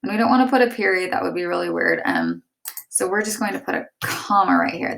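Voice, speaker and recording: A woman's voice: on the low side, big pitch swings, normal speed, gravelly, fairly bright tone. A woman teacher explaining step by step and reading example sentences aloud. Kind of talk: classroom lesson.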